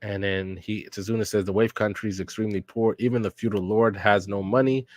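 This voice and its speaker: Male podcast host, low voice, reading manga panels aloud in a loose, slangy way; dry close-mic sound. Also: brisk, no room sound. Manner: reads character lines aloud in a flat, slangy storytelling way. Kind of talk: casual read-along reaction.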